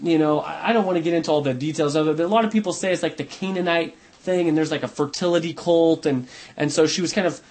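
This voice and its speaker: Male Bible study teacher with a high voice, casual and thinking aloud, hedging as he goes. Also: quick pace, few pauses, a little mellow.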